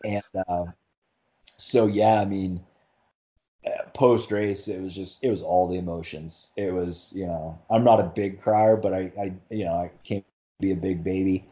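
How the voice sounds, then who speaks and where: Man, low and mellow, rambling podcast guest, casual and unscripted. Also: fairly even intonation, measured pace. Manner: rambling, lots of fillers and restarts. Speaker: podcast guest, marathon runner. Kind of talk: casual conversation.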